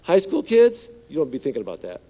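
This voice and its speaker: A male pastor preaching a sermon in a conversational, joking way, slipping into hushed voices for quoted lines. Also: on the high side, wildly swooping pitch, fast talker. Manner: conversational, playful asides, acts out quotes in hushed voice.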